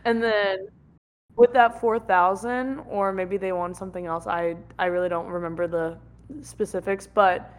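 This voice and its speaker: Young woman, podcast co-host, casual chat, giggly, rambling. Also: fairly low pitch.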